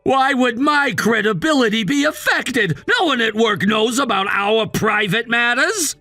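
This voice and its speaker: A man voicing a controlling, scornful husband in a text-message story, dismissive and given to shouting. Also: very high voice, measured pace, no echo, faint music behind, exaggerated voice. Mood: angry, scornful. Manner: bossy and dismissive, shouting at times.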